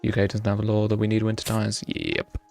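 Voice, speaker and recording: A man's voice: fairly low pitch, completely flat delivery, fairly quick, creaky, a little mellow, soft background music. A young man from the UK, chatting casually and self-mockingly while streaming a game and answering chat. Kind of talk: live gameplay chat.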